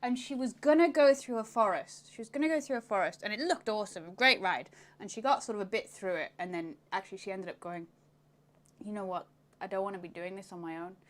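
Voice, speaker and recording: A woman's voice: mid-range voice, quick pace. A young woman co-hosting a casual livestream, bubbly and laughing often as she talks. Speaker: co-host of motorcycle channel.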